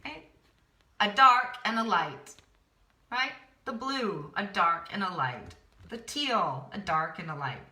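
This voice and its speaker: In a roomy-sounding recording, a woman with a medium-pitched voice and lively intonation speaks slowly in a pushed, bright manner. She's an art teacher giving a drawing lesson while she works, chatty and encouraging, repeating words to herself as she draws.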